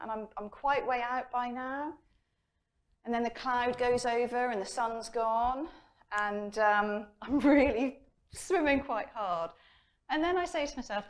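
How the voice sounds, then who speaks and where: Lively English coach woman giving a talk. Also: on the high side, measured pace. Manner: lively storytelling, acts out her inner voice. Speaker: personal development coach. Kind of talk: conference talk. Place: conference hall.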